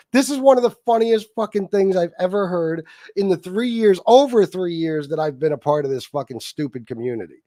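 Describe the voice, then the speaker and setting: A man's voice: high-pitched, animated, a little fast, warm tone, dry recording. A man hosting a livestream, ranting and mocking someone with lots of swearing and laughter. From Sicilian heritage. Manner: mocking, profane, laughing often. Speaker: livestream host.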